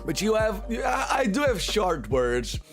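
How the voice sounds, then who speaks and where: A man's voice: high voice, sing-song, a little slow, over music. A Dutch man with a Dutch accent, casually commentating marble races on his live stream, playful and repeating himself. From Netherlands.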